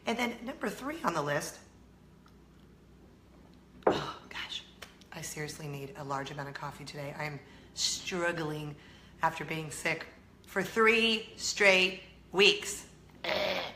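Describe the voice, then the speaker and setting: A woman's voice: low-pitched, lively intonation, slow pace, pauses often, reverberant, noisy background. A middle-aged American woman hosting a casual chatty vlog, bubbly and self-teasing, laughing often. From United States. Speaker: vlog host.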